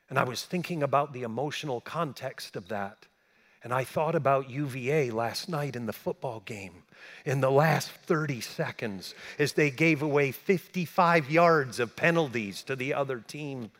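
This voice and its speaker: Middle-aged male pastor, sermon delivery, slightly high voice, big swings from loud emphasis to hushed asides. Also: expressive, measured pace, big-room sound. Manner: storytelling with wide swings between loud emphasis and quiet asides.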